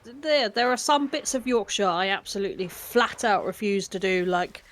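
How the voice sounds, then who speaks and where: A woman's voice: mid-range voice, normal speed, fairly bright tone, slight background noise. A woman with a southern English accent chatting casually with friends over voice chat, laughing easily.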